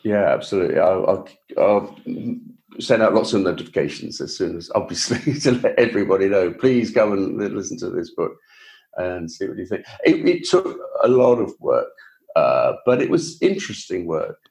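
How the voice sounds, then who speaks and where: A man's voice: low voice, lively intonation, normal speed, a little mellow. A man with a Received Pronunciation English accent, a guest author telling his story in a chatty, self-deprecating way during a casual interview. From England.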